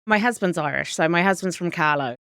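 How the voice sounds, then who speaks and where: A middle-aged woman with a New Zealand accent, a chef chatting casually as an interview guest, lively and full of quoted asides. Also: fairly low pitch, brisk, smooth, no room sound, clean studio sound.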